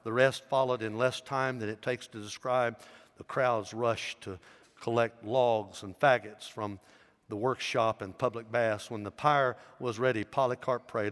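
Preacher telling a story, echoing hall. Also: male voice, mid-range voice, steady tone, a little slow, fairly bright tone. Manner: storytelling with rising emphasis. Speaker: pastor. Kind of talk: sermon. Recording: long reverb in a large hall.

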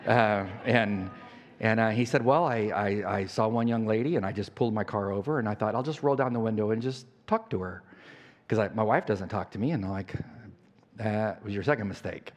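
A man's voice: fairly low pitch, fairly quick. An older man preaching a sermon as pastor, telling a story in a conversational way with many fillers and restarts. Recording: church hall reverb.

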